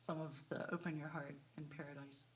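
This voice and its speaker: A woman's voice: low-pitched, little pitch movement, brisk. A woman in the audience asking a question into a handheld microphone, searching for her words as she goes. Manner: hesitant, searching phrasing. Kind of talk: audience question at a spiritual talk.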